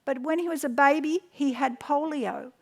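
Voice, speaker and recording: High gravelly woman telling stories. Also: normal speed. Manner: storytelling, animated quotes, frequent restarts. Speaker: health educator. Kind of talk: teaching by anecdotes.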